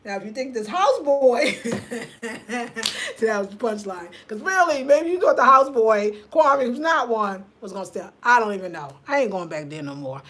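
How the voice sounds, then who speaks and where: A woman, chatting live and telling a story with lots of laughter. Her voice sits high, and she talks in an animated way, reading viewers' comments aloud as she goes. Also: normal speed. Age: 50s. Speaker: livestream host. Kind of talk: casual live chat.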